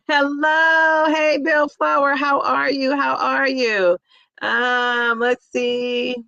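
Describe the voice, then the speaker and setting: A woman's voice: high-pitched, level tone, extremely slow, vocal fry, long pauses, bright, forceful tone, no echo, muffled recording. A middle-aged woman hosting a casual livestream, chatting effusively and greeting viewers by name as she reads their comments. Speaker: weight-loss vlogger hosting a livestream.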